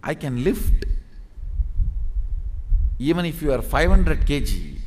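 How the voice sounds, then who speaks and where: A man teaching a spiritual discourse in an emphatic, repetitive way. His fairly high voice rises and falls in lively swings while he speaks slowly. The sound carries a long hall reverb. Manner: emphatic, repeating words for effect. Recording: reverberant hall with faint noise.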